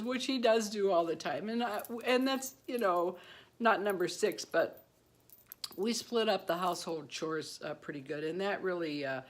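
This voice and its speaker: Her voice is on the low side and her speed normal as this retired beauty vlogger in her fifties talks to camera about married life. She drifts between thoughts, laughs frequently, and acts out the voices of those she quotes.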